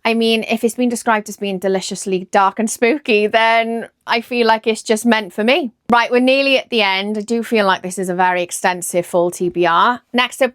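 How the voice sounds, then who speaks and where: A woman with a Welsh accent, chatting excitedly about books she plans to read and often second-guessing herself. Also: medium pitch, dry recording, clean studio sound. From Wales. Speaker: book vlogger. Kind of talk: casual chat about books.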